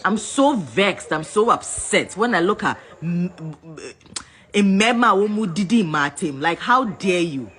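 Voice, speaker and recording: A woman's voice: fairly low pitch, animated, unhurried, a bit bright. A Ghanaian woman in a heated rant, scolding and repeating herself as she switches between English and Twi. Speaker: vlogger.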